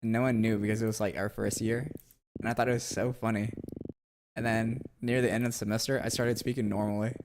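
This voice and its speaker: Rambling young man streamer, low voice. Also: level tone, quick pace, noisy background. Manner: rambling and self-mocking, peppered with "like" and "bro". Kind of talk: casual live-stream chat.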